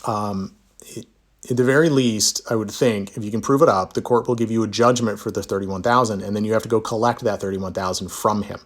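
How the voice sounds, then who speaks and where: A man's voice: lowish voice, steady tone, brisk. A man, a divorce attorney, chatting casually in a live Q&A, reading viewer comments aloud and answering with easygoing, self-deprecating humor. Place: Utah.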